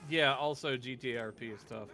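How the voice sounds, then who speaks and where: A man on a livestream, swapping funny stories with friends in a loose, joking way. His voice is bright and forward, and a faint hiss sits under it. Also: medium pitch, brisk. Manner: jokey storyteller, slips into silly character voices. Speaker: streamer. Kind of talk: casual chat while gaming.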